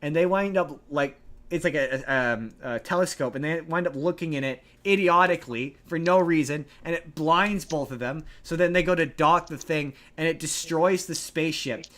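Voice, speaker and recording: A man co-hosting a podcast, recapping a movie plot in a rambling, animated way with many restarts. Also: on the high side, moderate pace. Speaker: podcast co-host. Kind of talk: casual movie recap chat.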